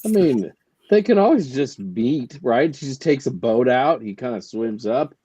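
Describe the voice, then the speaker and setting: A woman's voice: extremely low pitch, expressive, unhurried, warm tone, slightly rough, muffled recording. A woman in a casual chat who makes dry, wry remarks.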